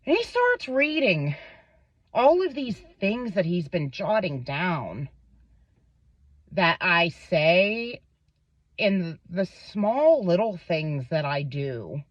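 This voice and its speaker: A woman's voice: on the low side, sing-song, slow pace, dry recording. A young woman vlogger telling a personal story, rambling, swearing often and stumbling over her words. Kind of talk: emotional storytelling to camera. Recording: dull lo-fi sound.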